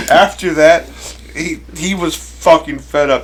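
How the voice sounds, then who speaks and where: A man's voice: fairly high pitch, unhurried, background noise. A man telling funny childhood stories on a casual podcast, acting out the voices and laughing. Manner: animated storyteller who acts out quotes and laughs. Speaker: co-host.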